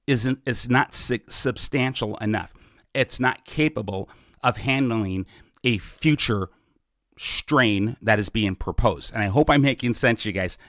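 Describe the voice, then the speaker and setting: An earnest middle-aged man hosts a live question-and-answer session, his sentences halting and full of restarts. His voice sits at an ordinary middle pitch. The sound is dry and close, with no room echo. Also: fairly bright tone. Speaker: podcast host and political candidate. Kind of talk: live Q&A, casual campaign talk.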